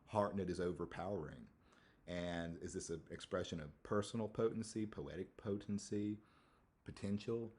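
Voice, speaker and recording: Guy lecturing on poetry at a university, deep mellow voice, stops and restarts a lot while he thinks. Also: normal speed. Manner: thoughtful, hesitant with restarts. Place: lecture hall.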